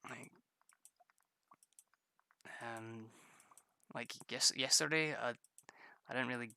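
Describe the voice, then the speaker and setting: A man's voice: medium pitch, slow, gravelly, pushed and bright, smooth, dry recording. A man chatting casually while streaming a game, rambling, stammering and laughing often. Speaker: gaming streamer. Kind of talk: casual gameplay chat with viewers.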